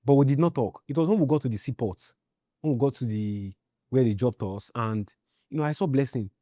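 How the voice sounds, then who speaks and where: A Nigerian man telling his own story in a halting way, often repeating himself and checking "you understand?". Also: mid-range voice, dark tone, dry recording, studio quality. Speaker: interviewee. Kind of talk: personal storytelling.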